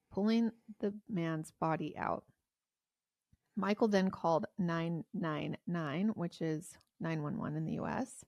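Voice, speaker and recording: A woman's voice: fairly low pitch, dry recording. A woman hosting a podcast, telling a true crime story in a chatty way with many fillers. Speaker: podcast host.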